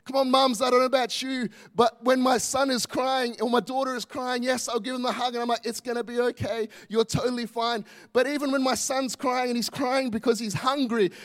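Aussie pastor guy, really high voice, preaching hard and repeating himself for emphasis. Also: level tone, brisk, few pauses, a bit bright. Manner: passionate, emphatic preaching with repetition. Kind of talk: sermon.

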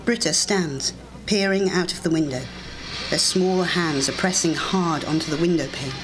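An audiobook narrator giving a measured, deliberate reading of a scripted story. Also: mid-range voice, background noise.

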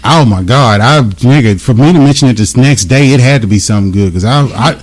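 A man's voice: medium pitch, brisk. A man, telling rambling, profane stories in casual chat as host. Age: 20s.

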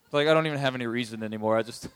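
A man teaching from the Bible in a relaxed, conversational tone. His voice sits at an ordinary middle pitch, and he talks like he is chatting with friends, with lots of "you know" and "like". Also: racing, clean tone, dry recording. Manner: conversational, chatty retelling with fillers.

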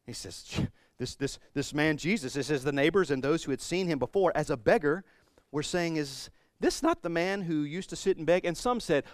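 A man preaching a sermon, retelling a scripture story with animated swings between quiet and loud passages. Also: on the high side, a little fast, hardly any pauses, dry recording. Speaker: pastor.

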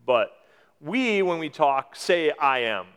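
A man's voice: fairly high pitch, very animated, slow pace, fairly bright tone, clean tone. A man in his forties preaching a sermon, explaining scripture in a conversational way with emphatic rises. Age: 40s. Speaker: pastor. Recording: long hall reverb.

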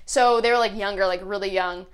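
A young woman co-hosting a podcast, telling a story in a rambling, animated way and saying "like" constantly. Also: medium pitch, fairly quick, clear, resonant tone. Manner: rambling, heavy use of "like", animated retelling. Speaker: podcast co-host. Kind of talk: casual storytelling chat.

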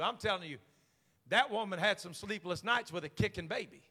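A man preaching a sermon in a high, bright voice, with a long hall reverb trailing each line. He tells the story with jokes and swings from hushed asides to shouted climaxes. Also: brisk, slightly rough. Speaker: pastor. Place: large church sanctuary.

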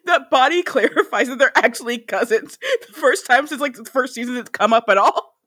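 A woman's voice: high voice, fairly quick, fairly bright tone. A woman co-hosting a podcast, making playful, teasing asides about a TV show. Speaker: podcast co-host. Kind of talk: casual TV recap chat.

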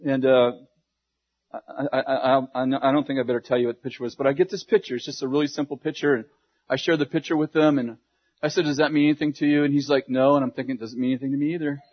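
A man preaching to a congregation, telling a funny story in an animated way with laughs and quick asides. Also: mid-range voice. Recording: dull lo-fi sound.

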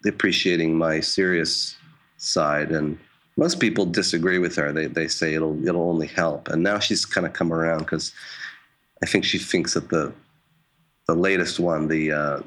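A middle-aged man with a very low voice speaks in a loose, unscripted interview. He is a jazz musician who stumbles, restarts and fills his pauses. His humor is wry and self-mocking. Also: fairly even intonation, a bit bright. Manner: hesitant, many restarts and fillers. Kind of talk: casual interview talk.

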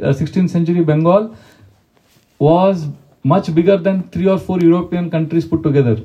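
A spiritual teacher with a fairly high, mellow voice gives a conversational devotional lecture. He asks listeners questions and recites Sanskrit verses, and the audio is dull.

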